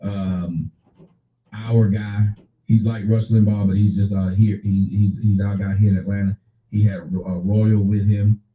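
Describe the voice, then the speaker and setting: A man hosting a casual livestream, reading viewer chat aloud and answering chatters by name in an animated, profane way. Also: lowish voice, measured pace, distant mic. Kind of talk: casual unscripted livestream talk. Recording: echoey room, off-mic, dull lo-fi sound.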